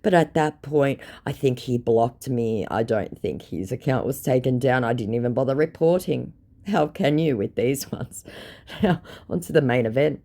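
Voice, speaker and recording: A woman's voice: extremely low pitch, expressive, normal speed, mellow. A woman narrating chat screenshots from a scam-baiting exchange, speaking in a mocking, amused way. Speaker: scam-baiting video creator.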